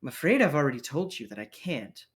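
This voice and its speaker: A man doing a tall, ghoulish clinic attendant in a tabletop game, stiffly polite and guarded, hedging with small hesitations. His voice sits at an ordinary middle pitch and is delivered in a plain, low-key way. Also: sing-song, fast, fairly bright tone. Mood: prim, guarded. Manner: stiff, discreet, with hesitant uhs.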